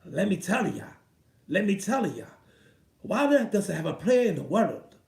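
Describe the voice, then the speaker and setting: A man's voice: sits high, very animated, measured pace, vocal fry, darkish tone, full character voice. A man doing an impression of a boastful older British father of a boxer, using a put-on British accent and declaiming a repeated catchphrase. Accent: attempted British. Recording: roomy echo, voice set back from the mic.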